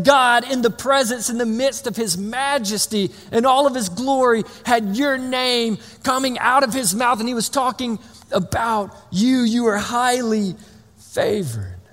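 High-voiced man preaching in a reverberant hall. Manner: conversational, animated, with many restarts and playful asides. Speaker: pastor. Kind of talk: sermon. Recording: long reverb of a large hall.

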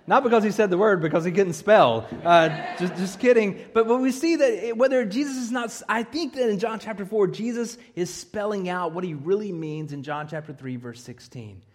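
A man preaching a sermon as a pastor, animated and slipping in jokes between his points. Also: sits high, normal speed, hardly any pauses. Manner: animated preaching with joking asides. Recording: long reverb of a hall.

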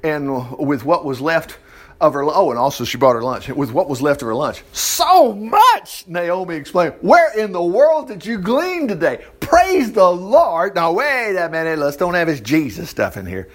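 A man's voice: a little high, very animated, normal speed. A man reading a Bible passage aloud and breaking off into chatty, exclaiming commentary, sometimes losing his place. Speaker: Bible teacher.

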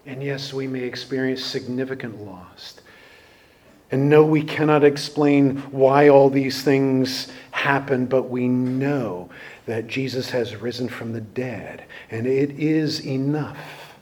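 A man preaching a sermon, earnest, rising to emphatic peaks and then dropping soft. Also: mid-range voice, slow. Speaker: pastor.

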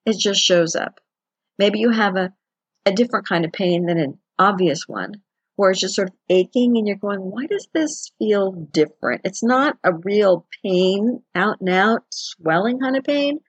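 A woman's voice: medium pitch, moderate pace, slightly rough, dry recording. A woman giving a chatty, conversational self-help talk as a wellness teacher. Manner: chatty, conversational, acts out quotes with laughs.

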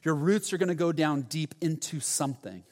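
Pastor, male, earnest conversational sermon, slightly high voice, long hall reverb. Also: moderate pace, darkish tone. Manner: earnest, conversational preaching with acted-out quotes.

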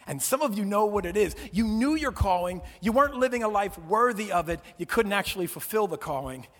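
A man preaching a sermon as pastor, animated, swinging from loud emphasis to soft, low words. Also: a little fast. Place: church auditorium. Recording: long reverb of a large hall.

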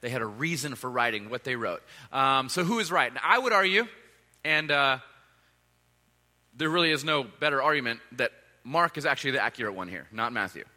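A man, a pastor, preaching a sermon in a conversational, animated way, often restarting with ums. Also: medium pitch, brisk, in a large hall.

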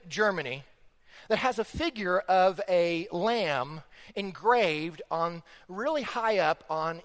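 A man preaching a sermon as pastor, impassioned and swinging from hushed lows to loud, emphatic peaks. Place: large church sanctuary. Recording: long hall reverb.

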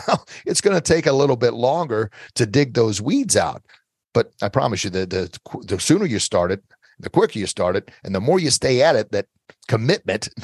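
A man's voice: mid-range voice, no room sound. A middle-aged man giving earnest, motivational self-defense advice as an interview guest, coaching listeners and repeating his key phrases.

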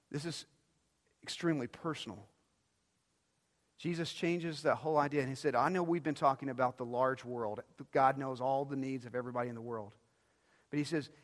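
A middle-aged pastor delivering a sermon, swinging between quiet, intimate phrases and loud, emphatic ones, often repeating words as he builds a point. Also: a little high. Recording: long reverb of a large hall.

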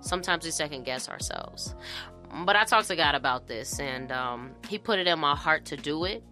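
A woman's voice: sits low, animated, normal speed, soft background music. A woman hosting her own podcast as an educator, talking casually and encouraging listeners. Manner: warm-hearted, preachy encouragement with fillers.

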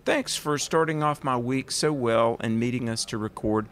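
Hosting a radio interview, this Southern-accented man keeps things casual, chatty and eager, wandering off on tangents as he talks. His pitch is medium and his pace moderate.

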